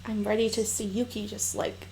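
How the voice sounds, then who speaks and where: A woman's voice: medium pitch, little pitch movement, moderate pace, warm tone, slight background noise. A woman hosting an anime reaction video, gushing and laughing between effusive comments in casual commentary. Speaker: anime reaction channel host.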